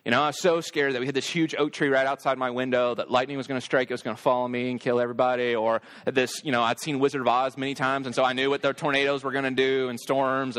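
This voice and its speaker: Candid storytelling dad. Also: male voice, medium pitch. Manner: casual, candid, animated when quoting himself. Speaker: father telling a story. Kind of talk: personal storytelling talk.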